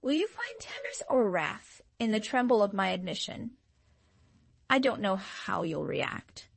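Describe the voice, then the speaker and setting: Gravelly, husky woman reading a love message. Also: medium pitch, very animated, measured pace, no room sound. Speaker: tarot reader. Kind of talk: scripted channeled love message.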